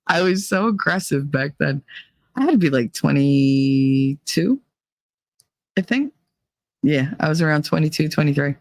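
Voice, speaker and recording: A woman's voice: deep voice, lively intonation, slow pace, pauses often, a little mellow, dry recording. A woman hosting a casual chat show, telling stories in a blunt, profane way. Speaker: host.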